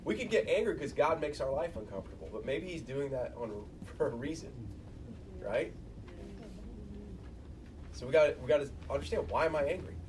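A man's voice: a little high, lively intonation, normal speed, pauses often, background noise. A man preaching a sermon as pastor, talking casually and acting out the quoted voices of the people he describes. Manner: conversational, acts out quoted voices.

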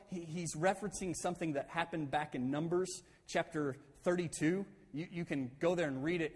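A male pastor delivers a sermon in a church hall, retelling a story with an animated, conversational flair and frequent restarts. His voice sits a touch higher than most men's, and a long reverb trails each phrase.

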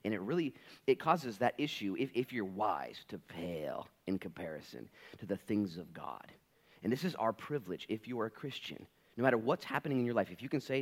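A male pastor preaching a sermon in an animated, conversational and playful way. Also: lowish voice, brisk.

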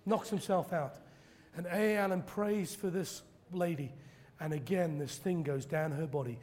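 A man preaching a sermon, telling stories dramatically and acting out quoted preachers in loud high bursts. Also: measured pace. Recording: long hall reverb.

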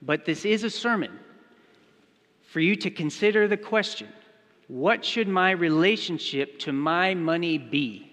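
A man's voice: a little high, animated, measured pace, a bit bright, in a large hall. A man preaching a sermon, telling a story and speaking its quoted lines in his own voice. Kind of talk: sermon with acted-out illustration.

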